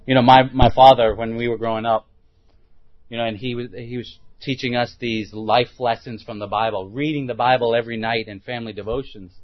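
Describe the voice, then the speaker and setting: A man's voice: mid-range voice, fairly even intonation, brisk, lo-fi sound. A man preaching a sermon, putting rhetorical questions to his listeners and restarting words as he thinks aloud.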